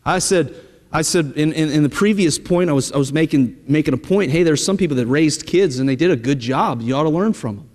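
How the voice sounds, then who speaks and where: A middle-aged man preaching from the pulpit, his voice sitting high for a man. He talks to the congregation plainly and directly, often leaning on a quick "hey." The sound rings with the long reverb of a church sanctuary. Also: darkish tone. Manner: conversational preaching, repeating "hey" and direct address. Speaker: pastor. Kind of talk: sermon.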